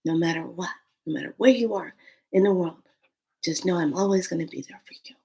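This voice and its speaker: A woman quoting a gentle, fatherly older man in her own near-natural voice, softly reassuring. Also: fairly low pitch, brisk, creaky, husky. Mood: tender.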